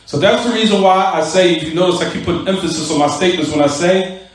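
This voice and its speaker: A man's voice: high-pitched, quick pace. Echoey distant male teacher quizzing his class. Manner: rhetorical questions to students, "what?" prompts; repeats and stresses key words. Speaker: religious teacher. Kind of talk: recorded Islamic class lecture. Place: mosque classroom. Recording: very echoey room, voice from far off.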